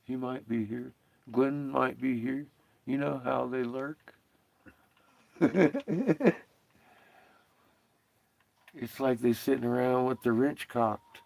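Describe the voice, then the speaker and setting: A man's voice: mid-range voice, slow, creaky, long pauses, a little mellow, no echo. A man hosting a livestream, rambling and profane in casual chat, often breaking into laughter. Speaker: livestream host.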